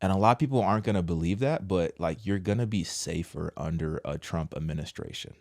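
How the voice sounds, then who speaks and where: A man with a lowish voice delivers an opinion commentary straight to the listener, slangy and blunt. He jumps from loud, high-pitched outbursts down to quiet muttered asides. The sound is close and dry, with no room around it. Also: brisk, no room sound. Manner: animated, swings between loud outbursts and low quiet asides; casual slangy address, says bro. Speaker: commentary host.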